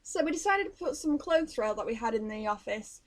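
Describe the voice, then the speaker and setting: Playful, high-pitched woman co-host tossing in casual asides on a live stream. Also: lively intonation, brisk. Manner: playful, giggly interjections.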